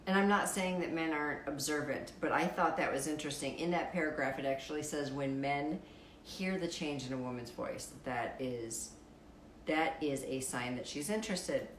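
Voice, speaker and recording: A woman with a deep, raspy voice hosting a casual live stream, reading out fun facts and viewer comments in a wry, playful way, swearing freely. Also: moderate pace, echoey room, a little hiss or hum, rough recording.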